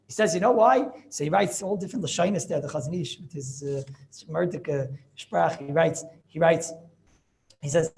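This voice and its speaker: A man giving an informal Torah class as a rabbi, animated and repetitive, mixing in Yiddish and Hebrew terms. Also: fairly high pitch, brisk, gravelly. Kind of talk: informal Talmudic lecture.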